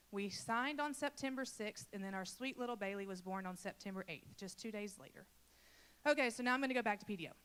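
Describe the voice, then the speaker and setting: A woman's voice: on the high side, fairly bright tone. Earnest woman giving a church testimony. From Louisiana. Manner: earnest and emotional, addressing the congregation directly. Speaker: church children's ministry leader. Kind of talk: personal testimony to a congregation.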